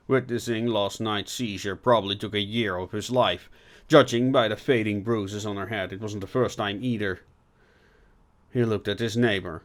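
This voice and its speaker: A man narrating a fiction audiobook with dramatic swings from loud to hushed. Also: fairly low pitch, fairly even intonation, normal speed. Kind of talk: audiobook narration with character voices.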